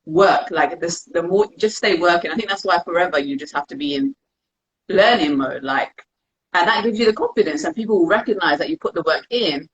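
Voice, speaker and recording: A woman's voice: lowish voice, brisk, a little hiss or hum. A young woman, talking candidly as an interview guest and acting out her own thoughts. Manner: candid, animated, acts out quoted thoughts. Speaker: interview guest, dance practitioner. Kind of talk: casual conversation. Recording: dull lo-fi sound.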